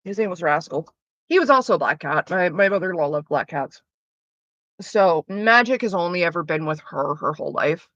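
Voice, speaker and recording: A woman's voice: on the low side, lively intonation, brisk, fairly bright tone, no room sound, lo-fi sound. A woman chatting casually on a live stream, rambling and swearing through her asides.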